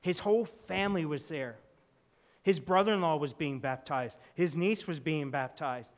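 Earnest male pastor in reverberant church. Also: moderate pace. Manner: earnest, shifts between loud emphasis and soft intimate lows. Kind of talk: storytelling sermon.

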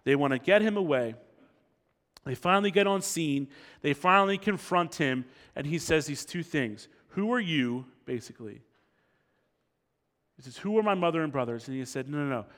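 A man preaching an expository sermon, animated, acting out the crowd's lines and dropping low and slow for quotes. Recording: long reverb of a hall.

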